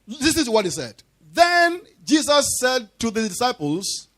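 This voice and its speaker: Sing-song and unhurried, this male pastor's voice is extremely high-pitched with a fairly bright tone. Preaching in church, he emphatically repeats key phrases and uses call-and-response questions with the congregation to press his point.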